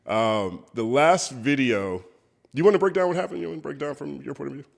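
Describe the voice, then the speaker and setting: A man's voice: medium pitch, brisk, vocal fry. A man hosting a podcast, casually wrapping up segments and introducing guests. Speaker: podcast host.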